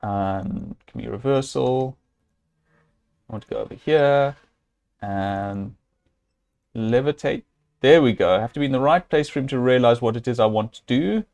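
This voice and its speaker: Working out moves aloud on a live stream, a man commentates a game hesitantly, with plenty of "um"s, fillers and false starts. Every so often he talks straight to viewers or scolds the hero. His voice is medium-pitched with vocal fry and a darkish tone.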